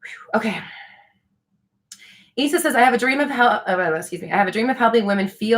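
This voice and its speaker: A woman's voice: a little high, lively intonation, fairly quick, long pauses, a bit bright. A young woman hosting a casual live stream, answering viewer questions in a chatty, frank way with casual swearing.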